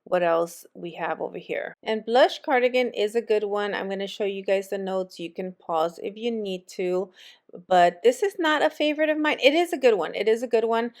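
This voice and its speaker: A woman's voice: mid-range voice, normal speed. Chatty woman on a store walk-through. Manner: chatty, friendly, addresses viewers as friends. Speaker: vlogger. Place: retail store.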